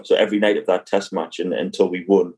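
A man's voice: low-pitched, level tone, quick pace, darkish tone, slightly rough. A young man, a cricketer, chatting casually as podcast co-host in a laid-back way with lots of fillers. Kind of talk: casual chat.

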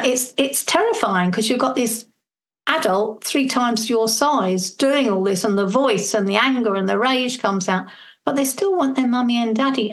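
Brief: woman, parenting coach guest, earnest and fluent, fairly high voice. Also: poor audio. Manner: earnest, fluent, explains with acted-out examples. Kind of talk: conversational advice in a podcast interview.

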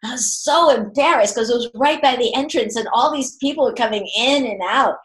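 Older woman, conversational parenting talk, lively storyteller who voices her quotes. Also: a little high, a little fast, poor audio. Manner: animated, acts out quoted voices, laughs often.

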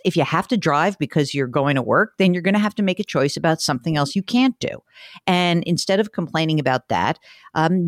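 A woman hosting a personal finance radio show, talking in a blunt, animated, self-deprecating way as she rants and takes calls. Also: deep voice, dry recording, studio quality. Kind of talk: talk radio chat and rant.

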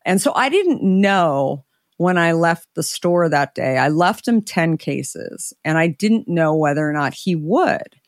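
A middle-aged woman, an interview guest, telling a story in a conversational way, animated and acting out the dialogue she quotes. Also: deep voice, unhurried, dry recording, clean studio sound.

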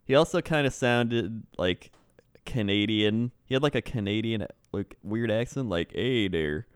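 A man's voice: fairly low pitch, animated, normal speed, clear, resonant tone, dry recording, studio quality. A man co-hosting a podcast, telling a rambling story in loose casual chat. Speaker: podcast co-host.

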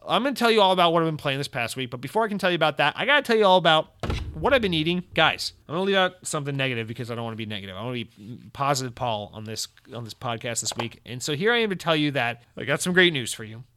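A man's voice: on the high side, expressive, very fast, bright, forceful tone, slight background noise. A man hosting his own podcast, talking alone in a casual, rambling way, sarcastic and goofy with a lot of swearing. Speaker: podcast host. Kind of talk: casual solo podcast monologue.

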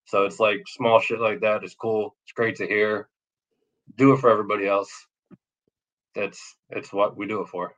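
A man's voice: on the low side, fairly even intonation, moderate pace, fairly bright tone. A laid-back man talking casually on a fan podcast, self-deprecating and swearing offhandedly. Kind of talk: casual banter. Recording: dull lo-fi audio.

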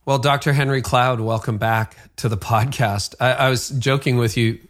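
A man's voice: mid-range voice, steady tone, normal speed, fairly bright tone. A Canadian man hosting a leadership podcast, chatty and upbeat, laughing at himself now and then. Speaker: podcast host. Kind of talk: conversational podcast hosting with read ads.

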